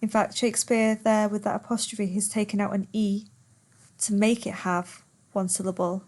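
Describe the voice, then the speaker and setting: A woman's voice: medium pitch, level tone, normal speed, darkish tone. A woman teacher in a poetry lesson who reads verse aloud and patiently repeats words to count their syllables.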